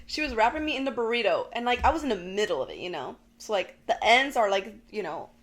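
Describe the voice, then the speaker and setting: High, quick, bright young woman chatting. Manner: animated storyteller, acts out her own panicked shouts; swears casually, says "like" and "girl" often. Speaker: podcast co-host. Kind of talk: casual chat.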